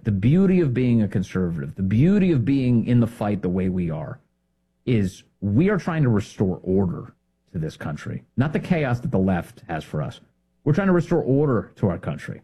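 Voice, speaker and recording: A man hosting a political commentary show, talking in an indignant, emphatic way with sudden jumps in pitch. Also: mellow, husky.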